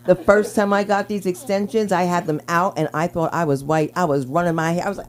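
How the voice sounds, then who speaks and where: On a small comedy club stage, a woman hosting an open mic tells rambling stand-up stories into a handheld mic. Her voice is on the low side, steady in tone and a little fast with hardly any pauses, brash and prone to loud character voices.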